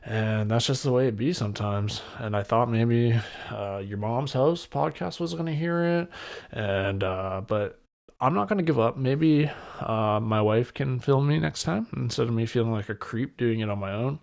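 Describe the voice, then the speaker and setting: On his casual solo podcast, a young male host rambles easily and uses loose slang. He speaks at a moderate pace in a medium-pitched voice that's gravelly and darkish.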